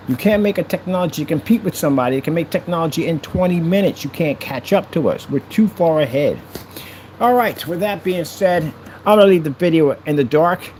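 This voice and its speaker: A man vlogging to the camera in a boastful, mocking tone, repeating his taunts and getting excited. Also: on the high side, a little hiss or hum, low-quality recording. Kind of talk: taunting vlog talk to camera.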